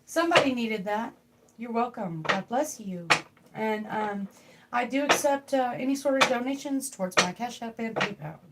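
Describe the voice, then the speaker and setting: A woman's voice: on the high side, lively intonation, normal speed, heavy background noise. A young woman reading tarot on a casual livestream from home. She rambles and jokes while talking to her viewers. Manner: rambling, joking, talks to chat. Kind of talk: casual live tarot stream.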